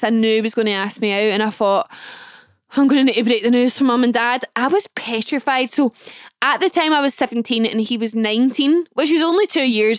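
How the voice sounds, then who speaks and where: With a fairly high, clean-toned voice, this twenty-something podcast host chats her way through a story, saying "like" constantly and voicing her own thoughts aloud. The sound is studio quality with no echo.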